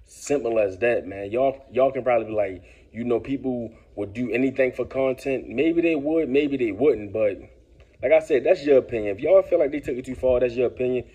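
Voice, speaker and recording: Laid-back male vlogger, husky and mellow, casual lecturing commentary. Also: mid-range voice, fairly quick, muffled recording. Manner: laid-back, lecturing, peppers talk with "man" and "bruh".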